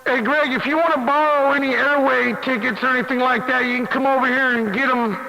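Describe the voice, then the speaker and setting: A man's voice: very high-pitched, fairly even intonation, a little fast, gravelly, sharp tone, highs cut off. A man on a CB radio channel, mocking and swearing at another operator between bursts of laughter. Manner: mocking, profane, laughing taunts. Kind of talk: on-air radio banter. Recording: hissy CB radio with long reverb.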